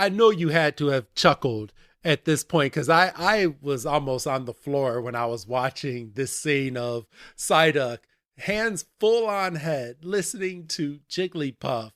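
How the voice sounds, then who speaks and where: A man with a somewhat high voice recaps a cartoon episode on a podcast, animated and laughing often. His voice sits close and dry, with no room sound around it. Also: takes it slowly, no echo. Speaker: podcast host.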